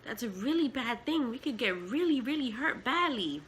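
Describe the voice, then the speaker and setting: A woman's voice: fairly high pitch, animated, moderate pace, fairly bright tone, slight background noise, voice pushed up. A woman quoting her five-year-old son as he earnestly and carefully explains something.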